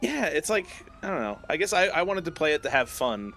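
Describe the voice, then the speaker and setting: Young guy, casual gaming-stream chatter, lively animated delivery, slightly high voice, faint noisy background. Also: brisk, gravelly. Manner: animated storytelling, laughs often. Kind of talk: casual chat while gaming.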